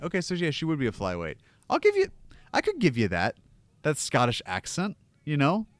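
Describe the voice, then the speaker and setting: A man's voice: on the high side, wildly swooping pitch, a little fast, no echo. A young man from the United States hosting a casual watch-along stream, ranting and rambling with plenty of swearing. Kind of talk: casual livestream chat. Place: home room.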